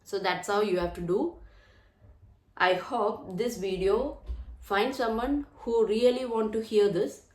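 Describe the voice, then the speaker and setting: A woman's voice: medium pitch, slow pace, darkish tone. Chatty woman in an echoey room. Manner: earnest, chatty, repeats phrases. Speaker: channel host. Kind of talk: casual chat to camera. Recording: roomy echo.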